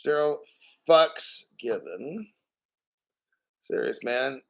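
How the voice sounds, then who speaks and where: A man hosting a casual livestream, reading out donations and ranting bluntly with lots of swearing and frequent throat clearing. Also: mid-range voice, expressive, extremely slow. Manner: blunt, profane, combative. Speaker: crypto livestream host.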